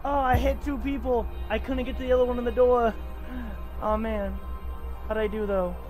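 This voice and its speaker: A man's voice: extremely high pitch, moderate pace, music in the background. A man chatting and swearing while playing a shooter game with friends, calling out orders to his squad. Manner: excitable, swears often, shouts to the team. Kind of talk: casual gaming chat over voice.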